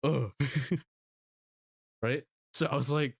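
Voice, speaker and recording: A young male streamer tells a story during casual chat, animated and laughing as he goes, with frequent swearing. His mid-range voice is slow, creaky and slightly rough, recorded in clean studio sound without echo.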